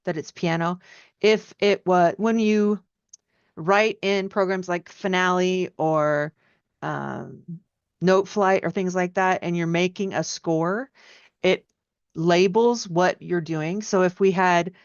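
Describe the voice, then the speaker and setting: A woman's voice: fairly low pitch, slow, smooth, dry recording. A woman teaching piano, giving friendly feedback and singing phrases out in syllables to show how they go. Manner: encouraging, sings melodies out in syllables. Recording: dry, dull lo-fi sound.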